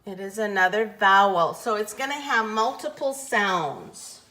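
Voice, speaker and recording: A woman teaching letter sounds in a slow, patient phonics lesson, carefully over-enunciating each sound. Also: medium pitch, expressive, bright, forceful tone.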